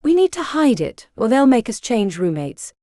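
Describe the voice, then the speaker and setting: A woman voicing a quiet, secretive young witch who speaks softly and sweetly, in an audiobook. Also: on the high side, big pitch swings, moderate pace, no echo, studio quality. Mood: sweetly pleading.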